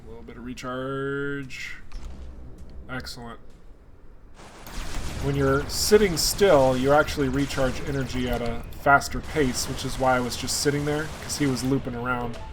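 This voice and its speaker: A young streamer gives casual live commentary on a game, chatting with viewers and calling them by name. His voice is medium-pitched at a moderate pace, with background noise present.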